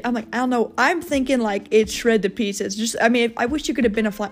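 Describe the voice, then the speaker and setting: Casual young female host, high-ish voice, rambly and profane, light music bed. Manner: rambling, frequent fillers and swearing. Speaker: podcast host. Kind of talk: casual storytelling monologue.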